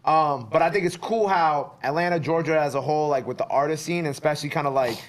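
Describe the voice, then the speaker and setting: A man's voice: a little high, fast talker. A young man hosting a radio interview, asking long rambling questions full of "like" and "you know" in casual chat. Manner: rambling, filler-heavy questions with laughs. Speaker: radio show host.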